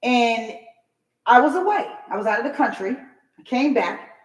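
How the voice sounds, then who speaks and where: A woman's voice: on the high side, moderate pace, echoey room, poor audio. Emphatic middle-aged New woman. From New York. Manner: emphatic, animated storyteller who acts out other people's lines. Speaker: guest. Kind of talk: talk show storytelling.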